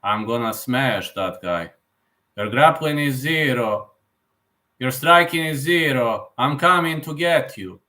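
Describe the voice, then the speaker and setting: A man putting on a slow, threatening voice to play a trash-talking male fighter. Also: mid-range voice, animated, pushed and bright.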